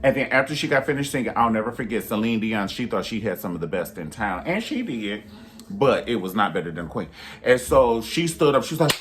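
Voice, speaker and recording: A man in his thirties hosting a casual review vlog, telling stories with animated energy and jumping into high voices to act out quotes. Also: fairly quick, noisy background. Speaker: YouTube reviewer.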